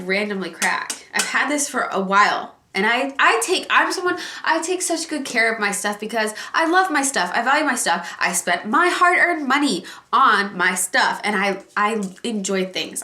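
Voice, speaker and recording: Bright-voiced woman ranting in vlog. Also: on the high side. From Alaska. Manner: animated, ranting, talks to viewers. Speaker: vlogger. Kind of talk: casual vlog chat. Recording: echoey room.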